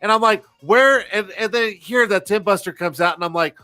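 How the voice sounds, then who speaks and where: High bright-voiced guy in his 40s, cussing, rambling host chat. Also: a little fast, clean tone, soft background music. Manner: profane, rambling, self-mocking. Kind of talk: casual live-stream chat.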